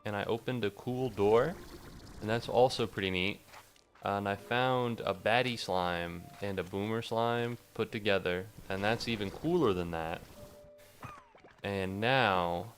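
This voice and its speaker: A man's voice: on the low side, measured pace, soft background music. A man giving casual, foul-mouthed commentary as he plays a game, talking to the creatures on screen and to his chat. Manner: chatty, swears freely, talks to game creatures; talks to chat between bouts of play. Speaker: gaming streamer.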